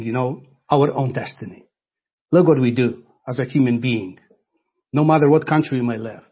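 Guy teaching a bible passage, husky voice, stops and repeats himself a lot, kinda dull lo-fi recording. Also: mid-range voice. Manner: halting, repeats words often, slows for emphasis. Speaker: preacher.

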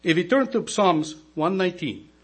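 A male deacon, not a native English speaker, preaching a sermon slowly and emphatically, asking the congregation rhetorical questions. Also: high-pitched, lively intonation, husky. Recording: mains hum in background.

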